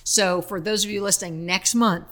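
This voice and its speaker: A woman's voice: mid-range voice, steady tone, a bit bright. Chatty woman hosting at home. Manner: chatty, quick asides, laughs easily. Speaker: podcast host. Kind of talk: casual chat and read sponsor spot. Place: home with small audience.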